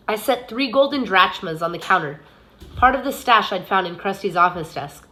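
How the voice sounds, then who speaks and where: A woman teacher reads a novel aloud in a bright, clear voice. Her narration is steady and expressive, with an even, moderate pitch for a woman. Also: moderate pace.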